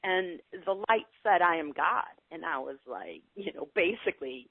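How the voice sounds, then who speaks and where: A middle-aged woman telling her spiritual story in a casual interview, animated and earnest. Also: normal speed, few pauses, husky, no echo. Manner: animated, earnest storytelling with lively pitch swings. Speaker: spiritual guide guest. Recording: tinny phone-like call audio, dry.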